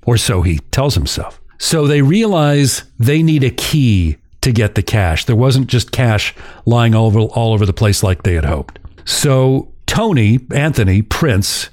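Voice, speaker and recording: A man's voice: medium pitch, lively intonation, measured pace, darkish tone, no room sound, clean studio sound. A man hosting a podcast who recounts a story in a casual, chuckling way. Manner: chuckles while telling a story. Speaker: podcast host.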